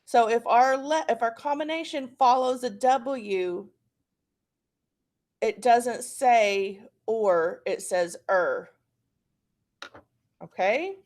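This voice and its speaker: Her fairly high, slightly mellow voice takes students slowly through phonics as this woman teacher, with her Oklahoma accent, patiently repeats each word for them to practice.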